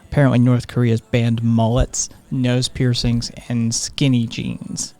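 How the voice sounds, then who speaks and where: A live stream host chatting casually and reading viewer comments in a soft, sedated way, with frequent ums and laughs. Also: medium pitch, level tone, a little slow.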